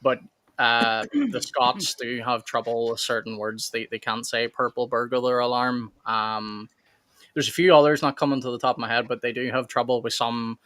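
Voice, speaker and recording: A man's voice: mid-range voice, fairly even intonation, normal speed, pushed and bright. A man, co-hosting a casual chat and explaining things in a dry, matter-of-fact way. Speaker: co-host.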